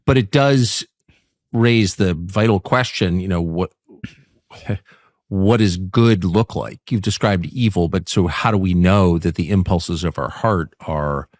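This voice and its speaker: Low-voiced man asking measured questions. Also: darkish tone, no room sound, clean studio sound. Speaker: host. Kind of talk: interview conversation.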